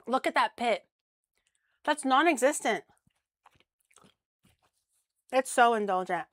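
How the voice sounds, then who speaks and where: A woman's voice: on the high side, lively intonation, slow, pauses often, no echo. A young woman streaming as she cooks, chatting casually with crude jokes and easy swearing. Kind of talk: casual cooking stream chat.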